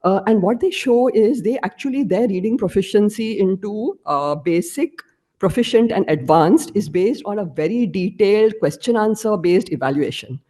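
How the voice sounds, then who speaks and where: A woman's voice: medium pitch, expressive, normal speed, dark tone. A woman lecturer giving an academic presentation, explaining her slides step by step.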